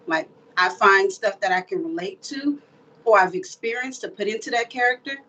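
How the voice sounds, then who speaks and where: A woman from South Florida, an actress, talking through her craft in an easygoing interview with reflective, animated storytelling. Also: mid-range voice, far from the mic, a little hiss or hum, rough recording. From born in the Bahamas, raised in South Florida. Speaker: actress guest. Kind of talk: casual interview talk.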